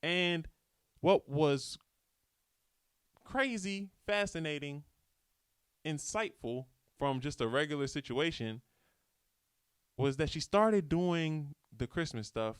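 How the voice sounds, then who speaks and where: A man's voice: on the high side, animated, slow pace, long pauses, clear, resonant tone, no room sound, clean studio sound. A young man hosting a casual motivational podcast alone, talking in a laid-back, slangy way into a microphone. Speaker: podcast host. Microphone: studio microphone.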